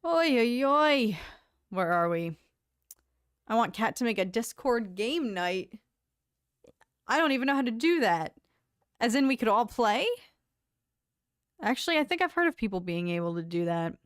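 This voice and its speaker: A young woman chats through her livestream, reading comments aloud in a bubbly, talkative way. Her voice is smooth and clear, sitting at a middle pitch for a woman. The sound is dry and close, with no room around it. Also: lively intonation, normal speed, long pauses, dry recording. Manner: chatty, bubbly, laughs often, hums filler tunes. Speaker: livestream host. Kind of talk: casual chat reading live comments.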